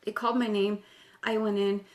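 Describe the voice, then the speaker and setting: A woman giving an emotional personal testimony, crying as she speaks, halting and repeating herself, often apologizing. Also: mid-range voice, level tone, darkish tone. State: tearful, crying. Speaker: guest telling her life story.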